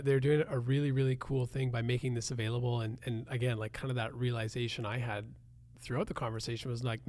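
A man's voice: mid-range voice, darkish tone. A man co-hosting a podcast, talking playfully and reflectively in casual chat. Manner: playful, talks thoughtfully with fillers. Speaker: podcast co-host.

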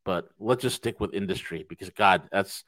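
A man's voice: sits low, normal speed, fairly bright tone. A man from the United States co-hosting a podcast, giving blunt, emphatic political commentary and repeating his key phrases for effect. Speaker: podcast co-host.

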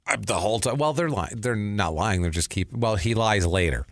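A woman and mother co-hosting a podcast, casually discussing a movie, quick to correct details and add wry asides. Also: a bass voice, lively intonation, no room sound, clean studio sound. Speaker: podcast co-host. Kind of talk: casual chat about a movie.

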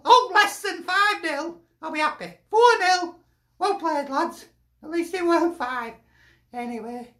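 Lancashire woman, very high voice, slow and chatty, jokey football fan, echoey room. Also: fairly bright tone. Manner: chatty, jokey, laughs often, broad dialect. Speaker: fan sending in a video reaction. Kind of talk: casual fan reaction chat.

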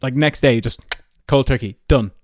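A man's voice: medium pitch, moderate pace, no room sound, studio quality. A man in his early twenties with an Irish accent, a podcast host telling personal stories in a casual, rambling way full of "like" and "you know". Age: early 20s. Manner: chatty, many fillers like "like" and "you know".

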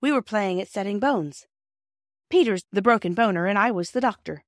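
A woman's voice: mid-range voice, moderate pace, dry recording, clean studio sound, close to an everyday voice. A woman reading aloud, voicing a firm, principled young girl. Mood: stern. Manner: firm and earnest.

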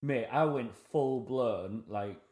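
A man's voice: mid-range voice, slow, darkish tone, echoey room. A young man telling a rambling, self-mocking story in casual chat.

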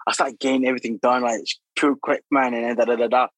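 Young man telling lively stories. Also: mid-range voice, fast talker, no room sound, poor audio. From Democratic Republic of Congo. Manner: animated, laughing, lots of filler and acted quotes. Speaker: guest. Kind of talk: casual storytelling.

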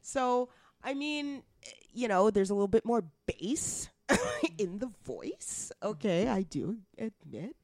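A woman from Canada co-hosting a podcast, chatting in a blunt, outspoken and animated way. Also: fairly high pitch, slow pace, no echo, clean studio sound. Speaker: podcast co-host. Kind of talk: casual chat.

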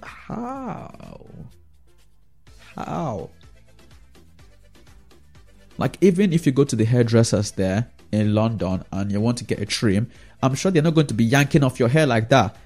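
A man's voice: medium pitch, expressive, a little fast, a little mellow, faint music behind. A man giving a casual, rambling opinion monologue about football as a fan vlogger, often checking in with the listener through tag questions.

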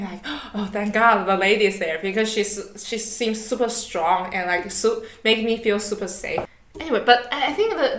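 A woman whose first language is Chinese chats on a podcast, her voice sitting in the middle of the usual pitch range. She hunts for words, with plenty of fillers and restarts. The recording has a noticeable roomy echo. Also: fairly bright tone. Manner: hesitant, searching for words, many fillers. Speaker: podcast co-host. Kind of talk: casual chat.

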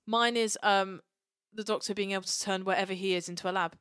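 A young woman with a smooth, clear voice co-hosts a casual podcast chat. She talks playfully and quickly, recorded dry and close. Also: medium pitch, steady tone, fairly bright tone, no echo. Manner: playful, quick, laughs often. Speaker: podcast co-host.

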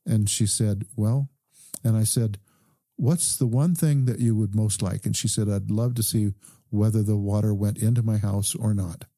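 A man, a doctor guest on a podcast, calmly telling a story and quoting the people in it. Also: lowish voice, no room sound, studio quality. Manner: calm, measured recounting with quoted dialogue. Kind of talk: conversational storytelling.

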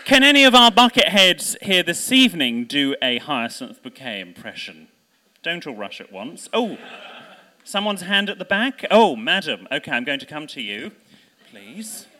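A man hosting a live podcast chat, animated and teasing, laughing often. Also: fairly high pitch, normal speed. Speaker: podcast host.

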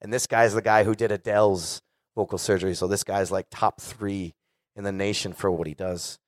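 A man's voice: fairly low pitch, steady tone, moderate pace, dry recording, clean studio sound. A man in his forties, a singer, telling a candid and profane story casually to a live audience. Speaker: guest singer.

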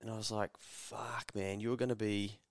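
A young man chats on a podcast, acting out the people in his stories and swearing freely. His voice sits low and comes across smooth and clean. The sound is dry and close to the mic. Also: level tone, moderate pace, no echo. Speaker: podcast co-host. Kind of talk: casual podcast chat.

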